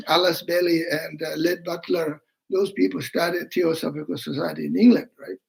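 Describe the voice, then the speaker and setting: Older male dharma teacher, very gravelly, slightly high-pitched, halting English with fillers. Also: rough recording. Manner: halting non-native English, many fillers, acts out quoted people. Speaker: Buddhist teacher.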